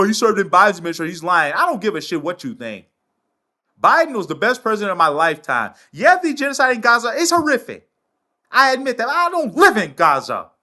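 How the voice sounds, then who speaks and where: A man hosting his own commentary show, reading news aloud and ranting loudly with heavy profanity. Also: high-pitched. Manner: loud. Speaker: political commentary host.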